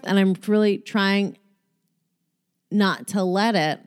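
A woman's voice: mid-range voice, smooth, no echo, clean studio sound. A woman talking candidly about a painful relationship and self-worth, frank and profane, with many fillers and restarts. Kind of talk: candid personal talk.

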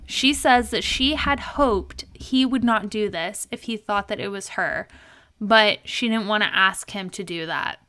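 Young female podcast co-host, bright mid-pitched voice, lively retelling with quotes and giggles. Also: unhurried. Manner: animated storytelling, quoting people with laughs. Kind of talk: casual recap chat.

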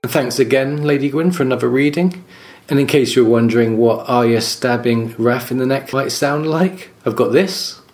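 A man hosting a book discussion podcast in a relaxed, chatty way. His voice sits at an ordinary middle pitch for a man. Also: normal speed, soft background music. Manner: relaxed, conversational. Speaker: podcast host.

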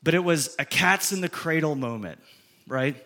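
Bright-voiced man preaching a sermon. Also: on the high side, animated, moderate pace. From US Midwest. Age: 50s. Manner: storytelling, conversational, earnest. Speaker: pastor.

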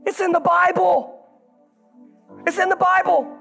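A pastor preaching a sermon with passion, swinging from hushed, confiding moments to shouting, and talking straight to his congregation in a folksy way. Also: very high voice, steady tone, a little slow, gravelly, faint music behind.

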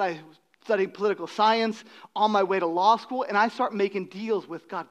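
Pastor guy preaching, high voice, gets loud then drops to almost a whisper. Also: moderate pace, dull audio. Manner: dynamic preaching, swings between loud emphasis and hushed drops. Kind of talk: sermon.

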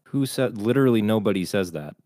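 Blunt deep-voiced man, dry sound. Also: expressive, a little fast, warm tone, no echo. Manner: blunt, swears a lot, argumentative. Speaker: podcast co-host. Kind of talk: casual crude podcast banter.

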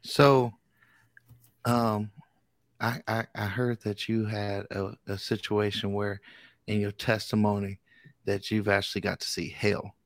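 Low-voiced male interviewer, hesitant. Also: little pitch movement. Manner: hesitant, unhurried questioning. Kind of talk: casual interview questions.

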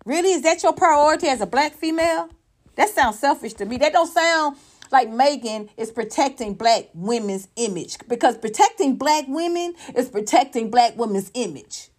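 A woman's voice: fairly high pitch, animated, moderate pace. A woman commentator on a livestream, ranting in a blunt, profane, emphatic way and talking straight to her viewers and chat. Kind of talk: unscripted livestream rant.

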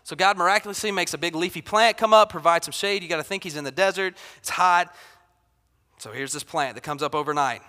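A man's voice: on the high side, fairly quick, bright, forceful tone. A man preaching a sermon in a conversational way, often acting out quotes with rising intensity. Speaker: pastor. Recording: reverberant hall.

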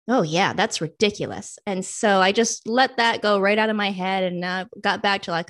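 A woman's voice: medium pitch, normal speed, few pauses, a bit bright, no room sound, studio quality. A young adult woman, a guest in a casual interview, telling her own story and acting out past thoughts and friends' lines.

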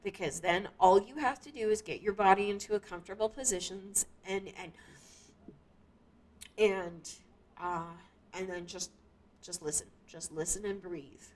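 This podcast host delivers a casual monologue on her own show, wandering through it with many fillers and restarts. She speaks unhurriedly in a medium-pitched, slightly mellow voice.

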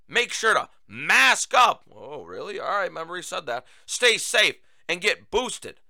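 Sarcastic, animated male talk host. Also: high voice, measured pace, no echo. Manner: sarcastic, animated, addresses listeners as folks. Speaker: political talk show host. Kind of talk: opinion monologue.

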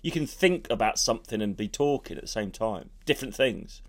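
A man's voice: lowish voice, brisk. A man, a comedian co-hosting a podcast, telling a story with lots of swearing. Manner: animated storytelling, swearing freely. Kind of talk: casual podcast banter.

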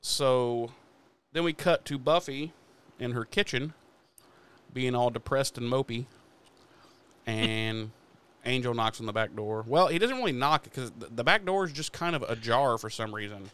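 Man, podcast co-host, casual recap, frequent swearing, smooth clear voice. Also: mid-range voice, lively intonation, a little slow, fairly bright tone. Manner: swears freely while retelling episode scenes.

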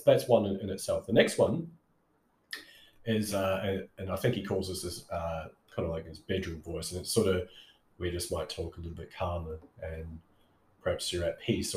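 A man's voice: a little mellow, echoey room. A man giving casual sales-call advice, talking loosely with many fillers and restarts, and showing off different speaking tones. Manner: conversational, rambling with frequent fillers and self-corrections; demonstrates vocal tones with shifts in pitch. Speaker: sales coach.

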